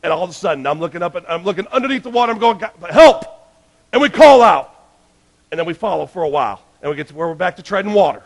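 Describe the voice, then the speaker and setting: A male pastor delivering a sermon in a high voice with a gravelly edge. He preaches emphatically, pushing some lines out loud and urgent and dropping others almost to a hush. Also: lively intonation, rapid-fire. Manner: emphatic, swings between loud urgent lines and hushed ones.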